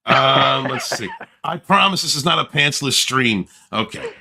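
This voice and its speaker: A man's voice: mid-range voice, expressive, measured pace, creaky, hardly any pauses, sharp tone. A man hosting a livestream, rambling brashly and boasting, with frequent laughs. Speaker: livestream host. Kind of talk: casual livestream chat.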